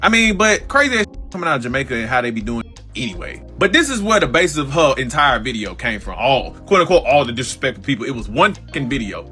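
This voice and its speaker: Man, casual commentary, exasperated, swears a lot, bright voice, animated. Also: medium pitch, fast, soft background music. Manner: profane, exasperated, casual slang. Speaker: commentary host. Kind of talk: reaction commentary.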